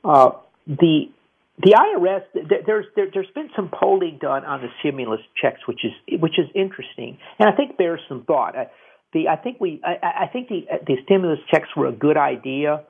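A man's voice: fairly high pitch, animated, normal speed, creaky, breathy edge. A man hosting a financial advice call-in radio show in a casual, rambling way, with many repeated restarts. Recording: tinny phone-like radio audio.

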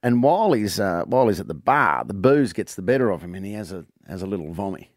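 Animated Australian man telling a joke. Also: low voice, quick pace, dry recording, clean studio sound. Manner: laughs a lot, animated storyteller. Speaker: comedian guest. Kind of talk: radio banter and joke-telling.

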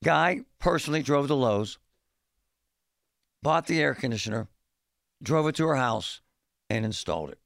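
A man's voice: medium pitch, animated, moderate pace, vocal fry, long pauses, fairly bright tone, dry recording, clean studio sound. A man hosting a talk radio show, speaking bluntly in a fed-up, folksy way. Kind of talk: opinionated talk radio monologue. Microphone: studio microphone.

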